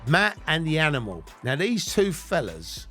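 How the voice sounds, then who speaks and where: A man's voice: on the high side, huge pitch swings, measured pace, pushed and bright, soft background music. An English man in his fifties telling blunt, swear-filled stories about his own past and breaking into laughter as he goes. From England. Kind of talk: casual anecdotal storytelling.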